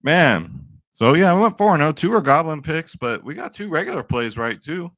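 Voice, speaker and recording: A man in his forties hosting a sports betting vlog, rambling and excitable in casual chat to camera. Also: a little high, moderate pace, no room sound. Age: 40s.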